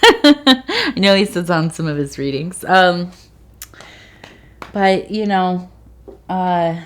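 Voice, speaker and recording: A woman giving a soft-spoken ASMR tea leaf reading, meandering with fillers and sometimes dropping to a whisper. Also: lowish voice, big pitch swings, slow pace, pauses often, slight background noise.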